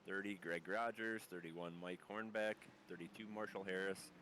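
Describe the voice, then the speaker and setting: Calling live sim racing, a man works through a long lineup of drivers, tripping over difficult names and sounding muffled, as if he's unwell. He speaks in a low-pitched, fairly even voice at a moderate pace, with a bright, forceful tone and a bit of hiss or hum behind him.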